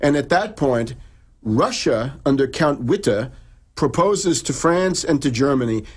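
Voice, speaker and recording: A man's voice: medium pitch, animated, slightly rough. A man explaining history at length in conversation, with frequent restarts and fillers. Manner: long halting explanations with many restarts. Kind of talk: lecturing conversation.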